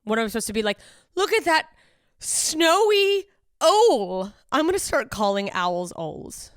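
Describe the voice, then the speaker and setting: A woman's voice: mid-range voice, clear, resonant tone, no room sound. A woman comedian hosting a podcast in casual, incredulous chat, riffing and swearing freely into a close mic. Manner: animated, profane, incredulous riffing.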